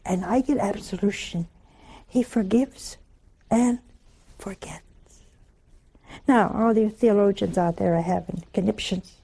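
A woman giving a sermon, telling homely stories with humor and slow, drawn-out emphasis. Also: medium pitch, warm tone, husky. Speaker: religious speaker.

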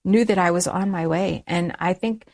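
A middle-aged woman telling a personal story as an interview guest, lively, raising her voice when she quotes people. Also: fairly low pitch, normal speed, vocal fry. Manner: animated storytelling, acts out quoted dialogue in a raised voice. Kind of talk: personal conversion story in conversation.

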